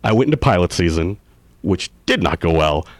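A rapid-fire man with a fairly low voice tells stories from his acting career in a casual interview. He gets animated, acting out the dialogue he quotes with sudden jumps in pitch. The sound is dry and close. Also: no room sound. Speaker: actor guest.

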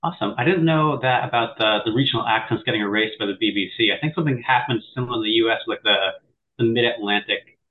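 A man's voice: mid-range voice, fast. A man co-hosting a podcast, chatty and enthusiastic, running through history notes with light humor. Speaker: podcast co-host. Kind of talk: casual podcast chat and reading history notes. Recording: thin phone-like sound with faint noise.

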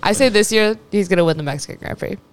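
A woman's voice: medium pitch, fast. Giggly young woman podcast co-host. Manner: giggly, swears freely. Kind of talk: casual chat.

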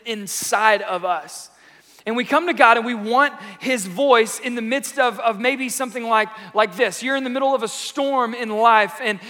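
A man in his thirties preaching a sermon in a lively, playful, conversational way. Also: very high voice. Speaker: pastor. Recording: echoey church hall.

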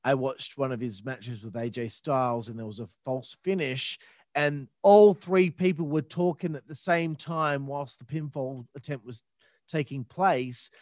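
A man's voice: medium pitch, a little slow, darkish tone, no echo, studio quality. A man in casual podcast chat, telling a story in a reflective way and trailing off mid-thought.

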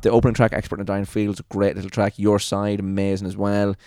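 A man's voice: fairly low pitch, level tone, fast talker, darkish tone, clean tone. A man hosting a podcast, chatty and slangy, laughing often. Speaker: podcast host. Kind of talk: casual chat.

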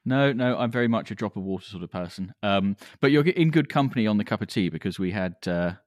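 A man with a very deep voice co-hosts a relaxed podcast. He is good-humoured and explains things in a matter-of-fact way. The sound is dry and close. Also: fast talker, dry recording. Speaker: podcast co-host. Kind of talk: casual podcast chat.

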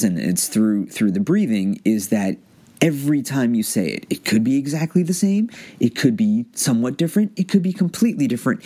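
A man talking casually to the camera about an acting method, pausing and restarting often. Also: lowish voice, a little mellow. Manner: halting, many restarts and fillers. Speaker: amateur actor reviewing an acting book.

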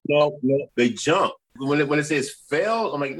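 A man, a comedian guesting on a podcast, deadpan and mock-intense. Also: a little high, normal speed. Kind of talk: casual podcast chat.

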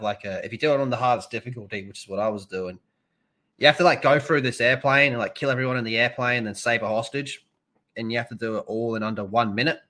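A young man with an Australian accent, talking in a loose, blunt way and swearing freely as he tells his stories. His voice has a bright, forceful edge and sits at an ordinary pitch for a man. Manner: blunt, profanity-heavy storytelling. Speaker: podcast guest. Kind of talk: casual podcast chat.

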